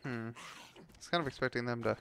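Gameplay streamer, young man, gravelly, mid-pitched, swears freely when annoyed. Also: brisk, fairly bright tone, a little hiss or hum. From United States. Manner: frustrated ranting, heavy swearing. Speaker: gameplay commentator. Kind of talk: casual gameplay commentary.

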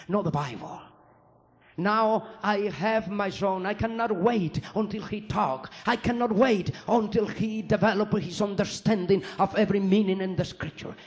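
High-voiced man. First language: Spanish. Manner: earnest, halting, repeats phrases. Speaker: former priest giving testimony. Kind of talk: spoken testimony to an audience.

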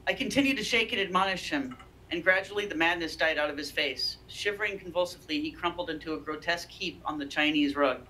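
A woman reading a story aloud at a measured pace as a guest on an informal art show. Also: lowish voice, pushed and bright, a little hiss or hum, poor audio. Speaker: guest reader.

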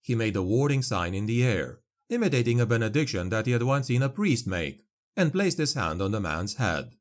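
A man narrating a dark fantasy audiobook in a measured storytelling manner. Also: medium pitch, sing-song.

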